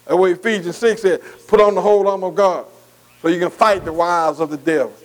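A man's voice: sits high, fast, rough recording. A man preaching a folksy sermon, calling out to the congregation. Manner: folksy, call-and-response preaching with dialect.

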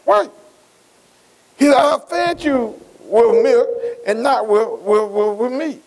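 Speaking slowly with long pauses, a very high-pitched man preaches a call-and-response sermon. He repeats words as he builds and asks his congregation frequent rhetorical questions, all on poor-quality audio.

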